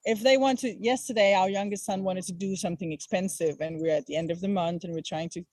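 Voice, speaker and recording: A woman's voice: lowish voice, fairly even intonation, fast talker, darkish tone, no room sound. A woman, a traveling mother, explaining her family's approach in a firm, earnest way during a casual interview. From Denmark.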